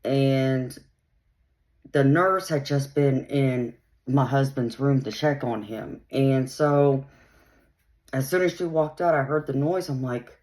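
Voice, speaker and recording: A woman's voice: extremely low pitch, takes it slowly, darkish tone. A woman hosting her own channel, casually telling a personal story in a rambling way, filled with "um" and "you know". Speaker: channel host.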